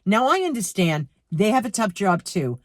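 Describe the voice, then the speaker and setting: A middle-aged woman with a New York accent ranting to her viewers about a rude cashier, heated and animated, speaking to them directly. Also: mid-range voice, normal speed, no echo, clean studio sound. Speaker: vlogger. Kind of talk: storytime rant to camera.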